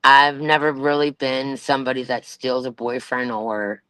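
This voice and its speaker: A woman's voice: extremely low pitch, level tone, normal speed, fairly bright tone, smooth, no echo. A woman hosting a livestream, chatting casually in a rambling way, with many fillers and restarts and a Valley Girl-type voice. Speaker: livestream host.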